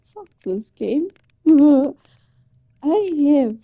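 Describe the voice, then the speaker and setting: A woman's voice: sits high, very animated, very slow, pauses often, warm tone, dry recording. A young woman chatting casually, flustered and embarrassed, rambling and restarting her sentences. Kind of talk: casual chat.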